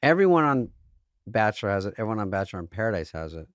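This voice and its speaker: A man's voice: fairly low pitch, sing-song, racing, clean tone, no echo. A man in his forties co-hosting a podcast, chatting casually with wry, dry, sarcastic asides. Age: 40s. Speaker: podcast co-host. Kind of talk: casual chat.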